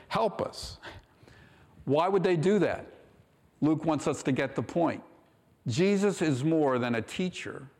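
A man's voice: on the high side, darkish tone. A man preaching a sermon as pastor, raising his voice for emphasis and acting out quoted lines. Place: church sanctuary. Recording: long church hall reverb.

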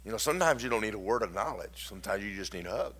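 Impassioned preacher man, bright-voiced. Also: fairly low pitch, expressive, rapid-fire. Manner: impassioned, swinging from loud declarations to hushed storytelling. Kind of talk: sermon.

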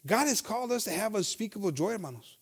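Bilingual pastor, high-pitched man, code-switching sermon, reads scripture slowly. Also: lively intonation, husky. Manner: switches between English and Spanish, often calls out "hermanos".

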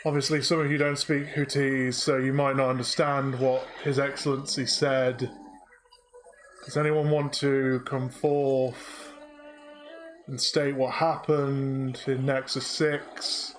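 A man's voice: medium pitch, flat delivery, slow pace, lightly acted. A man voicing a weary, sarcastic male translator droid in a tabletop game, sighing and exasperated. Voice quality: put-upon, exasperated sighing.

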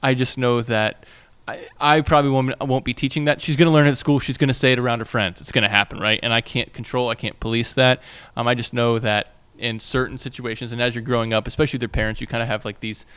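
A man in his thirties co-hosting a podcast speaks fast in a clear, resonant mid-range voice that's steady and a bit bright. Chatting casually, he rambles through fillers and restarts as landscaping noise continues outside.

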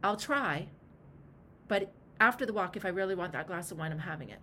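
A woman voicing her own inner alcoholic, a pained, ashamed part of herself that speaks haltingly and turns tearful. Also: lowish voice, expressive, bright, forceful tone, a little hiss or hum. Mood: stubborn. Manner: halting, hurt, then tearful and apologetic.

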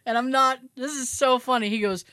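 A woman's voice: high-pitched, steady tone, fairly quick, bright, forceful tone, slight background noise. A woman co-hosting a podcast, telling a family story in casual chat, swearing now and then and laughing as she goes. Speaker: podcast co-host.

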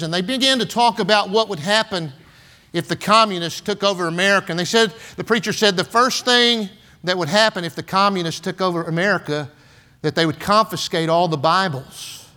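Speaking fairly quickly in a high, sharp-toned voice, a San Antonio pastor in his 60s tells stories in his sermon. His delivery is folksy and loaded with fillers such as "and, uh" and "man."

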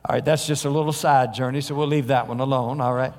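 A man's voice: mid-range voice, steady tone, a little mellow. Man preaching in a reverberant hall. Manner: conversational storytelling with frequent "uh" pauses. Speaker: pastor. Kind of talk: sermon. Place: church sanctuary.

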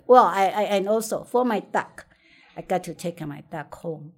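A woman's voice: medium pitch, lively intonation, normal speed, slightly rough. A middle-aged woman telling a personal childhood story in conversation, hesitant, repeating words and laughing often. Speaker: interviewee.

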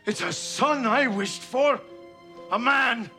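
A man's voice: very high voice, takes it slowly, pushed and bright, exaggerated voice. An actor playing a stern, scornful father in a stage Irish accent, in a film clip with music underneath.

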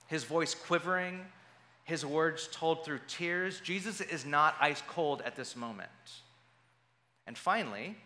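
A man delivers a sermon in a bright, ringing voice pitched a little high for a man. He tells the story in an animated way and slips into the voices of the people he describes. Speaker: pastor.

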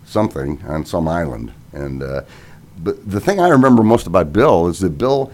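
Very deep-voiced halting man. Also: sing-song, a little mellow. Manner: halting, many "uh" pauses. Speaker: comedian guest. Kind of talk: casual chat.

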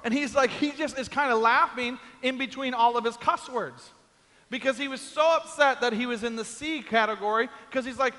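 A man preaches in a big church hall, spinning a comic story and acting out every quoted voice. His voice sits very high and sounds bright and forceful. A long reverb trails behind his words. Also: fairly quick. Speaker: pastor. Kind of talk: sermon storytelling.

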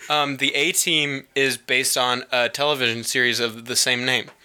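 A young man co-hosting a casual podcast, delivering jokes deadpan with lots of ums and pauses. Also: mid-range voice, smooth. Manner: deadpan, hesitant with many ums. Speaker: podcast co-host. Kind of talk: casual chat.

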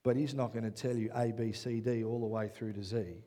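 A man preaching a sermon as pastor, who often checks in with "yeah?" and builds to loud, excited passages. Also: mid-range voice, fairly quick.

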